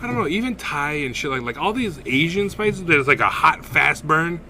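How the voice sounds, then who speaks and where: A podcast co-host with a fairly high voice tells a story at normal speed in casual chat, animated, laughing, and swearing throughout.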